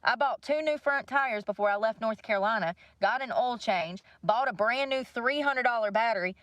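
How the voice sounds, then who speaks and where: A woman's voice: a little high, normal speed, a bit bright, no room sound. A young woman venting bluntly to livestream viewers, swearing freely. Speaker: livestream host. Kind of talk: casual rant to viewers.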